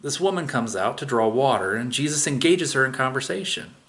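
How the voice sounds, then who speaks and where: A male pastor delivers a sermon, walking through a scripture story as if chatting with friends. His pitch rises and falls with lively energy, and he slips in casual asides as he goes. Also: brisk.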